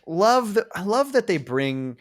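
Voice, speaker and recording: A man's voice: high voice, sing-song, a little slow, dry recording, studio quality. A man co-hosting a casual podcast, talking with enthusiasm and laughing often as he quotes scenes. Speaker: podcast co-host. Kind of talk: casual chat.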